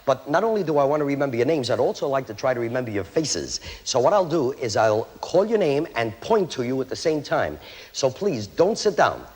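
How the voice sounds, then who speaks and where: A man's voice: mid-range voice, big pitch swings, a little mellow. A man performing a memory act on a TV magic show, joking with the studio audience as he calls out names one after another. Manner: brisk, joking, rattles off names. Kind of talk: stage patter to a studio audience.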